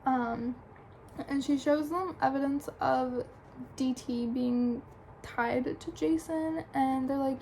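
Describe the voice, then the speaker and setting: A woman's voice: sits high, fairly even intonation, slow pace, creaky, darkish tone, slight background noise, low-quality recording. A young adult woman chattily retelling a book's plot for a review, full of "like" and "um". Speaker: book reviewer. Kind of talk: casual plot recap.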